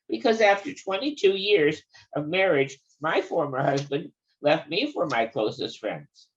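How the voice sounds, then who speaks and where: A woman's voice: low voice, expressive, measured pace, few pauses. An older woman reading a family story aloud in a wry, conversational manner. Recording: dull lo-fi recording.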